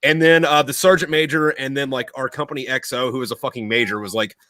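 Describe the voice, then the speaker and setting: A man's voice: mid-range voice, steady tone, quick pace, sharp tone, no room sound. A young man telling profane war stories in casual chat, rambling with lots of fillers. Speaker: podcast host.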